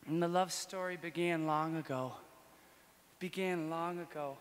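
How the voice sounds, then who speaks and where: A male priest giving a conference talk, telling a story and moving between hushed and excited, joking with the audience. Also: a little high, unhurried. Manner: animated, jokes with the audience, swings from hushed to excited. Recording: long hall reverb.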